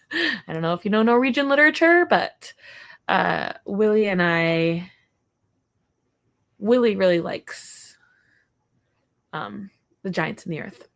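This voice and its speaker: Speaking with a medium-pitched, slightly bright voice, a young woman runs a casual home livestream. Her chat with viewers meanders, and every so often she breaks off to address her dog.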